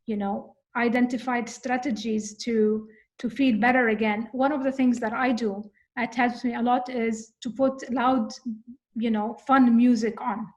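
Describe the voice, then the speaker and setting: A woman with a somewhat high-pitched voice talks through her thoughts in an easygoing conversation. She is earnest and reflective, often stopping on little fillers as she searches for words. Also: fairly even intonation, a little slow, dull audio. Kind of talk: casual conversation about coping with anxiety.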